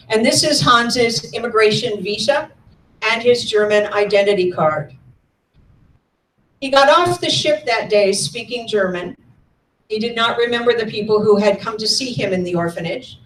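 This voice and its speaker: A woman in her sixties, a guest speaker at a lecture, telling her family's history in a measured, earnest storytelling manner while showing slides. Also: medium pitch, fairly bright tone, slight background noise. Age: 60s. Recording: echoey room, mic at a distance.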